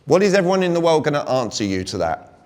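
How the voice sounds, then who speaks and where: A British man coaching a live audience, talking energetically and quizzing the room with rhetorical questions. His voice sits a little high for a man. A long hall reverb trails behind his words. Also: sing-song, fast, darkish tone. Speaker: communication coach speaking to a sales audience. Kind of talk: live seminar talk.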